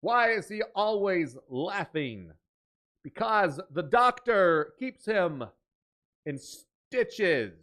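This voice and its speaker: A man's voice: high-pitched, very animated, a bit bright, pitched above the performer's own voice, heavily acted. A man doing a drawling undead joke-telling zombie. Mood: goofy. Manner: slow halting drawl, sometimes lapsing into a valley-girl lilt. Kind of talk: comedic joke-telling bit on a livestream.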